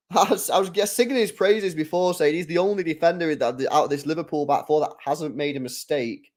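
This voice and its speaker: This live football watch-along host speaks in a voice on the high side at a moderate pace. He chats in relaxed slang, reads chat messages aloud, and reacts with excited bursts when the game heats up.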